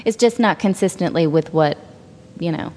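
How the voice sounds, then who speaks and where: A woman's voice: on the low side, moderate pace, darkish tone, big-room sound. A woman chatting casually on a parenting panel, rambling and searching for words as she talks. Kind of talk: casual chat.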